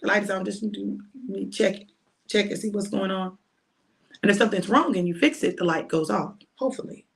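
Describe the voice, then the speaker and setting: A woman's voice: medium pitch, fairly quick, gravelly. A woman minister preaching informally to her viewers, emphatic and repetitive, with colloquial phrasing. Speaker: minister giving a prophetic message.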